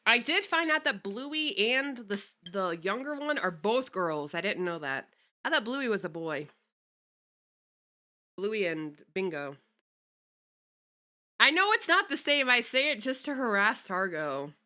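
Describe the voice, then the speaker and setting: A woman's voice: mid-range voice, very animated, measured pace, pauses often, sharp tone. A young woman streamer chatting casually with her viewers, greeting them and cursing offhandedly. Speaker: VTuber streamer. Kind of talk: casual livestream chat.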